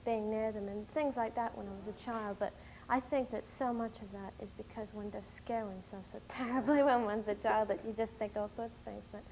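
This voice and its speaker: A young woman from the United States being interviewed, telling stories in a rambling, animated way with many fillers. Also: medium pitch, brisk, few pauses, slight background noise, poor audio. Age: young adult. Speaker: interviewee, documentary film-maker. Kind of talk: casual chat.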